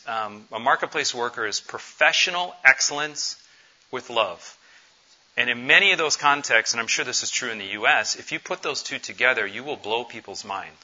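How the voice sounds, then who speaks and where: A man in his forties gives an earnest, conversational conference talk, pausing on fillers as he goes. His voice has a bright, forceful edge. The recording sounds dull and lo-fi. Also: mid-range voice. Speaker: missions conference speaker.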